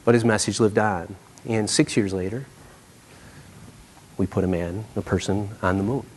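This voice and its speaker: Animated male keynote speaker. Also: lowish voice, moderate pace, slight background noise. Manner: animated, acts out quotes, frequent "right?". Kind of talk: conference keynote with storytelling. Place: conference stage.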